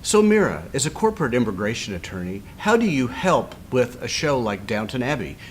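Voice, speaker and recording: A man's voice: medium pitch, sing-song, brisk, slight background noise. A man acting as a TV interviewer in a scripted comedy sketch, asking incredulous questions. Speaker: mock TV interviewer.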